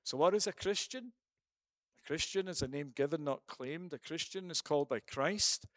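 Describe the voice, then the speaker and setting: A man's voice: fairly high pitch, normal speed, fairly bright tone, no room sound, clean studio sound. A man preaching a sermon and then leading a prayer, emphatic, with rhetorical questions and repeated phrases.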